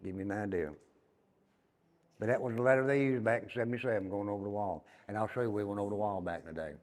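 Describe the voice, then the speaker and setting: An older man with a Tennessee Southern accent, a former inmate telling stories as he guides a tour through an old prison, emphatic and dropping to a low murmur on his repeated asides. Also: fairly even intonation, racing, darkish tone. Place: inside an old prison building. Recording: long reverb in hard rooms.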